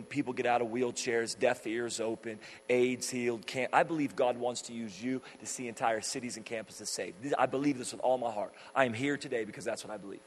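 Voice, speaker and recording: A man's voice: mid-range voice, breathy edge. A man preaching a sermon, telling stories fervently and emphatically, often repeating his phrases. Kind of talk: sermon with storytelling. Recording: long hall reverb.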